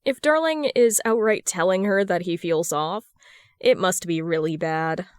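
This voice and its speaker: A woman reading a fan fiction story aloud as a podfic narrator, in a steady storytelling manner. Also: lowish voice, a little slow, clean tone, dry recording, clean studio sound. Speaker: podfic reader.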